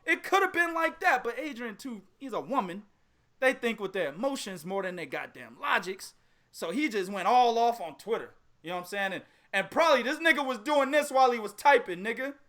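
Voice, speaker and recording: A man with a high, lively voice hosts a casual podcast chat, swinging his pitch widely as he jokes and laughs through profane trash talk. His tone is bright and sharp. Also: fairly quick. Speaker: podcast host.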